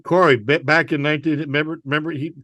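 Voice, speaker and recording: A man's voice: a little high, fast, no echo. A man from New York, a guest comedian, telling a story in casual chat and acting out the quotes. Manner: animated storyteller, acts out quotes, laughs mid-story.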